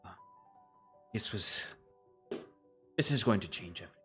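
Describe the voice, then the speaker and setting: Man playing a grateful, effusive male mage; low-set voice, flattering, over faint music. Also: unhurried. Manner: gushing, flattering. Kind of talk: tabletop role-play voicing.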